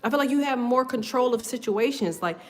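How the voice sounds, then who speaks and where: A woman's voice: a little high, animated, brisk. Laughing, profane tarot reader woman. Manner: loose, profane, laughs often, goes off on tangents. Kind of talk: casual tarot reading chat.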